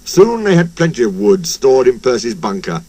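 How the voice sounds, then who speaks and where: A man narrating a children's story in a slow, highly animated storytelling manner. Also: slightly rough, no room sound.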